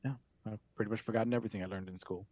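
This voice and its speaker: A man's voice: lowish voice, fairly even intonation, very fast, a little mellow, no room sound, lo-fi sound. A man co-commentating a live game tournament, telling stories in a laid-back, easygoing way.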